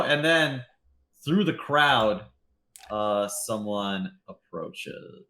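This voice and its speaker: A young man narrating a tabletop game as game master, loosely, with lots of fillers and quick character voices. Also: mid-range voice, animated, a bit bright, roomy sound.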